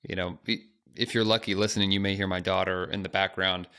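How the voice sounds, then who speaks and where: Bright-voiced male podcast co-host. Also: low voice, level tone, fairly quick. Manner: conversational, self-deprecating, rambling asides. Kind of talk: casual podcast chat.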